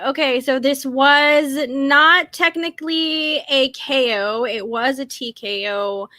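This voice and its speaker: A woman hosting a casual podcast interview, chatty and giggly, with quick asides. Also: sits high, sharp tone, dry recording. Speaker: podcast host.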